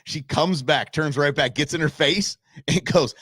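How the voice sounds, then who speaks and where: A man's voice: a little high, normal speed, slightly rough, no echo, clean studio sound. A man who grew up in Southern California and Arizona, hosting a live show and telling a rambling neighborhood story full of folksy sayings. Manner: rambling, animated anecdote with folksy idioms. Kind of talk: casual storytelling on a live stream.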